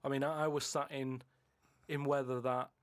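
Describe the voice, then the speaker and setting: A man in casual podcast chat, explaining earnestly in halting speech, repeating words. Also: mid-range voice, little pitch movement, no echo. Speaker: podcast guest regular.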